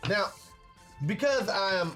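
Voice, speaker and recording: A man's voice: high-pitched, expressive, measured pace, a bit bright, soft background music. A man playing a tabletop game, playful and self-mocking. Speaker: player. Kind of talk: casual tabletop play.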